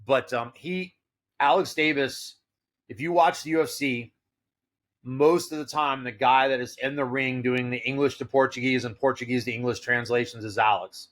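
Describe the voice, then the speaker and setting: Bright-voiced man telling a story. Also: mid-range voice, steady tone, normal speed. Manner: rambling, filler-heavy storytelling with quoted dialogue. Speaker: podcast guest. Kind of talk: casual storytelling.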